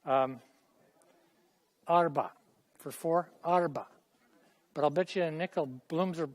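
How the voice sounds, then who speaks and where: A chatty middle-aged man leads a classroom language lesson, his voice sitting a little high for a man. He talks loosely with students and repeats phrases slowly for them to say back. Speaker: Hebrew teacher.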